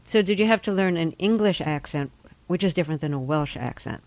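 Measured interviewer, dry studio sound. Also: female voice, fairly low pitch, darkish tone, no echo. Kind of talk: radio interview questions.

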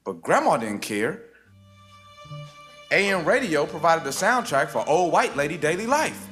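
Wry spoken-word storyteller. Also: male voice, fairly high pitch, very animated, a bit bright. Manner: rhythmic, wry, with dramatic pauses. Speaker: rapper. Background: guitar music.

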